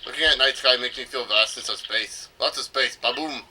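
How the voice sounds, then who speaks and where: A man voicing gruff male bomb creatures from a game, reading their lines in broken English with a put-on foreign accent. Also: mid-range voice, huge pitch swings, extremely slow, bright, forceful tone, a little hiss or hum, heavily acted, rough recording. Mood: dreamy. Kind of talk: reading game dialogue aloud.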